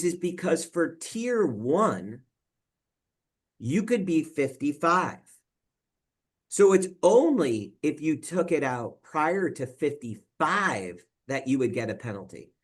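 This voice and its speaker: A young man, a financial advisor, giving a conversational presentation to local government officials, telling personal stories and repeating words as he goes. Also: a little high. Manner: conversational, tells personal anecdotes, acts out quoted dialogue; frequent fillers and repeated words. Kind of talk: conference presentation talk.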